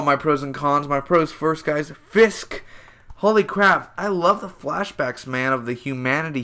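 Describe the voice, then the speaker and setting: A man's voice: mid-range voice, a bit bright. A man in his twenties giving a casual spoken review of a TV episode, loose and rambling with lots of fillers and self-corrections. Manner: enthusiastic, addresses viewers as "man" and "guys".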